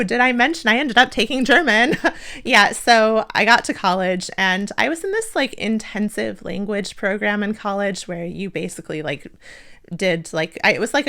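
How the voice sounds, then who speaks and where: A young American woman vlogger talks casually to the camera in a medium-pitched, fairly bright voice. Her self-deprecating vlog is full of laughter and "like" as filler.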